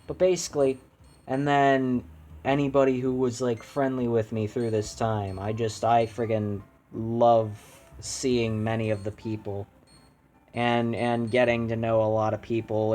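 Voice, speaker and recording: A man streams live and talks to his chat in a halting, rambling way, often restarting his sentences. His voice sits at a middle pitch, and faint music plays under it. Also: a little mellow. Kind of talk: casual live-stream talk.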